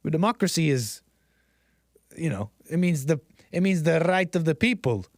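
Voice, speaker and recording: A man's voice: on the high side, lively intonation, moderate pace, no echo, studio quality. A man live-streaming a casual, rambling monologue, often laughing at himself and restarting his sentences. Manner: rambling, self-deprecating, frequent laughs and restarts.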